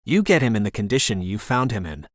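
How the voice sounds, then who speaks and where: A man's voice: on the low side, very animated, fast talker, no room sound, studio quality. A man doing a slimy Eastern European crime boss. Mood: menacing. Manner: cold, menacing.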